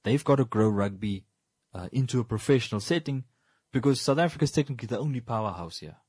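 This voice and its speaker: A man's voice: mid-range voice, animated, fast talker, darkish tone, husky, no echo. Male co-host, emphatic and insistent in casual talk, dry close mic. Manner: emphatic, repeats points for stress. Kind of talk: casual discussion.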